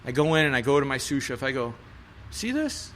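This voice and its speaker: A man, a chef and podcast guest, telling a story in casual chat, animated and swearing, with lots of fillers. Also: medium pitch, racing, a little hiss or hum.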